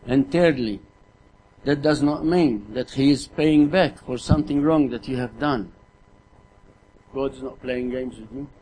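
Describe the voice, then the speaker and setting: A man's voice: mid-range voice, a little slow, mellow, a little hiss or hum, rough recording. Earnest middle-aged male preacher. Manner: earnest, repeats words, asks the congregation rhetorical questions. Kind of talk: sermon.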